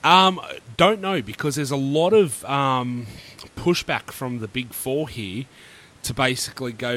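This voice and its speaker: A man's voice: medium pitch, a little slow, fairly bright tone, a little hiss or hum. A man, co-hosting a casual tech chat podcast and giving laid-back, opinionated takes. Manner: opinionated, laid-back, uses Aussie slang. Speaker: podcast co-host.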